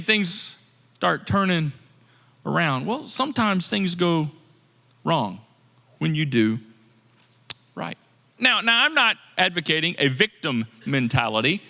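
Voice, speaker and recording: A man preaching a sermon as pastor, in a lively, conversational manner that acts out people's complaints. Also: high-pitched, moderate pace, long reverb tail. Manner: animated, conversational preaching with quoted inner voices. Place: church sanctuary.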